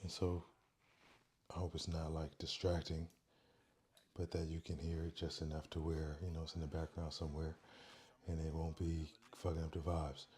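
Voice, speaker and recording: A low, warm male voice, hosting a casual livestream. He talks softly and calmly into a neck-worn mic, reading out chat messages in an easygoing way. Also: normal speed. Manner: soft, quiet, chill talk, reading chat aloud. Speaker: livestream host. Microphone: microphone worn on the neck.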